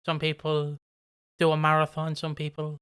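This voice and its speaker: Smooth-voiced rambling podcaster. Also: mid-range voice, monotone, moderate pace, a bit bright. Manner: rambling storyteller, swears freely. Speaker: podcast co-host. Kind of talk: casual chat.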